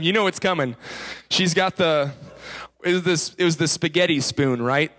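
Chatty young preacher, slightly high voice. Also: male voice, fairly quick, fairly bright tone. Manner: chatty, self-mocking, full of asides and laughs. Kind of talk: casual, joking sermon.

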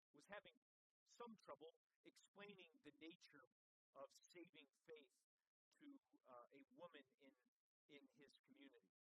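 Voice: mid-range voice, bright, forceful tone, a little hiss or hum, poor audio. Preacher mid-sermon, storytelling, drives points home through emphatic repetition. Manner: storytelling, builds to emphatic repeated phrases.

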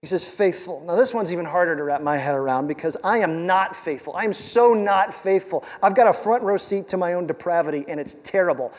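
A male pastor preaches a sermon in a high voice, fairly quick and with few pauses, conversational yet emphatic. He asks rhetorical questions and repeats words for stress, and the recording has a long reverb tail.

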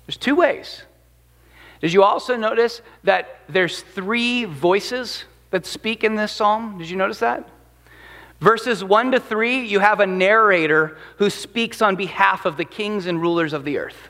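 A long reverb tail follows this pastor's high voice as he preaches at a measured pace. He keeps the sermon lively and conversational, frequently asking the audience questions.

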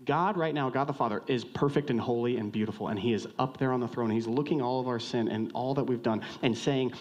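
A man preaching a sermon, animated, acting out short dialogues with jumps in pitch. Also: fast, few pauses. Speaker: pastor.

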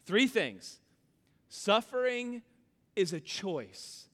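A man preaching a sermon as pastor, telling a story with animated, acted-out quotes. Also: high-pitched, very slow. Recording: reverberant hall.

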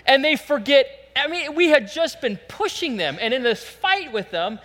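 A man preaching a sermon, telling a lively, joking story and acting out voices as a pastor. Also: very high-pitched, normal speed, long reverb tail. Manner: animated, jokey storytelling, acts out voices.

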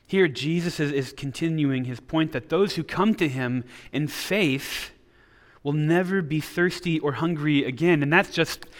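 An earnest male pastor delivers a sermon, stumbling and restarting phrases as he works through an idea. His voice sits a little high for a man. The sound carries a long hall reverb. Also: unhurried. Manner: earnest, with frequent repeated restarts.

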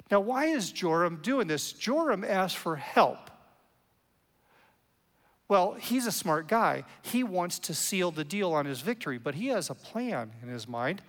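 A man preaching a sermon as a pastor, in an animated, conversational way with playful asides. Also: sits high, a little slow, big-room sound. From United States.

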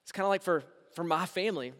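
A man in his thirties with a high, bright voice preaches to his church. His delivery is animated and swings from quiet, drawn-out asides to loud, punchy emphasis. The long reverb of a big hall trails behind each phrase. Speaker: pastor. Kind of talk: sermon.

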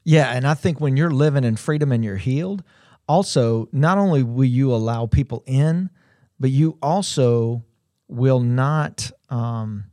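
A man co-hosting a Christian livestream, speaking in a slow, reflective way with occasional playful asides. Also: medium pitch, mellow, no echo, studio quality. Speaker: co-host of a faith livestream. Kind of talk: conversational Christian teaching.

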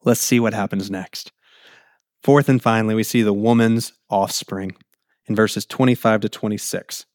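A man preaching a sermon in an animated way, acting out the quotes in his text and laughing easily. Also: lowish voice, normal speed, dry recording, studio quality. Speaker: pastor.

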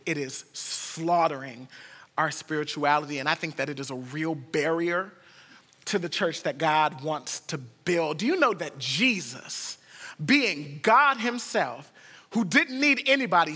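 A man from the United States preaching a sermon as a pastor, telling stories and swinging from hushed to excited. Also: high-pitched, big-room sound.

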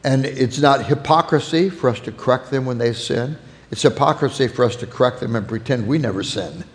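A man preaching a sermon on parenting, earnest and warm, softening when he tells a family story. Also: medium pitch, brisk. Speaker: pastor teaching on parenting. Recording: long hall reverb.

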